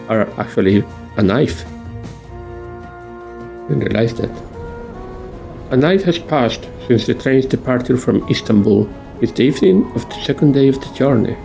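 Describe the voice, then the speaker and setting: A man narrating a game playthrough, with a dark, gravelly tone. He muses aloud and jokes, while game music plays faintly underneath. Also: mid-range voice, lively intonation, a little slow, long pauses. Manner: musing and playful. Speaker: gaming channel host. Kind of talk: let's-play commentary.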